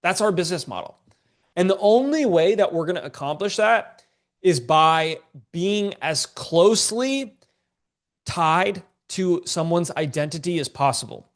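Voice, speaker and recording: Congested man coaching casually, slightly high voice. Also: animated, a little slow. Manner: casual, joking, slangy. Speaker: online business coach. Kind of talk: live-streamed teaching session.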